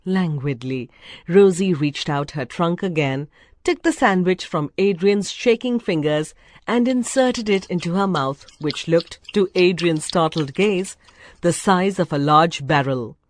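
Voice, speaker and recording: A woman narrating a storybook in a measured, expressive way. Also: on the low side, no echo. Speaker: reader.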